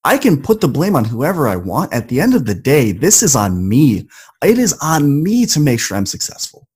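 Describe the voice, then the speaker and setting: A man's voice: medium pitch, wildly swooping pitch, normal speed, darkish tone, husky. Guy on a podcast telling a story from his life, acts out what he told himself, gets punchier as it builds. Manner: acts out quoted inner talk with rising emphasis. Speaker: podcast guest. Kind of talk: personal storytelling.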